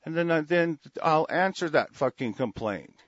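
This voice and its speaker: A man's voice: fairly high pitch, expressive, normal speed, no room sound, dull audio. A man from the United States ranting angrily to his audience, cursing constantly and restarting his sentences often. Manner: angry, profane, repetitive with frequent restarts. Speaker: political commentator.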